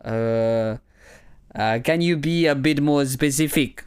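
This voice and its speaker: Man doing a fumbling French professor, fake French accent, smooth tone, lots of uhs. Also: mid-range voice, no echo, close to an everyday voice. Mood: hesitant. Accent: put-on French. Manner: halting, full of uhs. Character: bumbling male French professor, hesitant.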